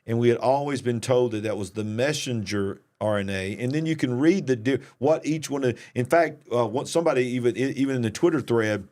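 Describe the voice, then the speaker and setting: A man co-hosts a casual talk show at a mid pitch. He talks in a rambling, emphatic way and often restarts his sentences. His delivery runs fairly quick. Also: a little mellow. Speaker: podcast host. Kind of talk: casual conversational commentary.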